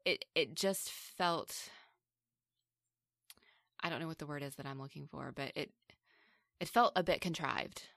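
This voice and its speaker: A woman's voice: low voice, a little slow, gravelly, long pauses, fairly bright tone, no echo, clean studio sound. A woman co-hosting a film discussion, talking casually and analytically, sometimes acting out characters' lines. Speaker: film review podcast co-host.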